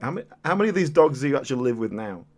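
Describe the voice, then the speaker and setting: A man's voice: mid-range voice, very animated, very fast, a little mellow. A man co-hosting a podcast, trading dry, teasing jokes in casual chat. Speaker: podcast co-host.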